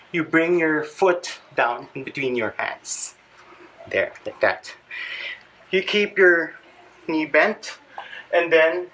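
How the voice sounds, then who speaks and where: A fitness vlogger's fairly high, fairly bright voice carries a Filipino accent as he leads a yoga stretching routine. Chatty and slightly breathless, he adds jokey asides. Faint background noise comes through the distant mic.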